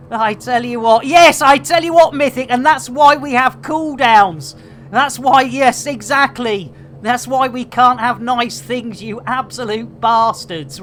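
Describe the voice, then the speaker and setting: A woman's voice: on the high side, a bit bright. A woman in her fifties streaming a game live, chatting with viewers in an exclamatory way and swearing freely. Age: 50s.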